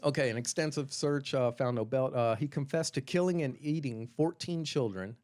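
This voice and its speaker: A man co-hosting a podcast, wryly and irreverently retelling a dark story in casual chat. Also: mid-range voice, normal speed. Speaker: podcast co-host.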